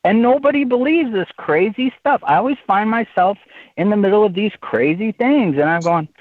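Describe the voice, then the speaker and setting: This author, a man with a high, expressive voice, tells a rambling anecdote in an interview at normal speed, often saying "you know." The line is tinny and phone-like, with no echo.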